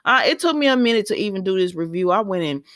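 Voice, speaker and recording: A woman's voice: mid-range voice, lively intonation, quick pace, a bit bright, dry recording, clean studio sound. A woman recapping a soap opera in a chatty, emotional way and talking straight to her viewers. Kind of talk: casual spoken recap.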